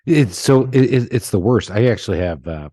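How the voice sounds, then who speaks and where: Deep-voiced chatty Southern man. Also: lively intonation, moderate pace, mellow, husky, no echo, clean studio sound. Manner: chatty storyteller, laughs often, lots of restarts. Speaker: podcast host. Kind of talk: casual chat.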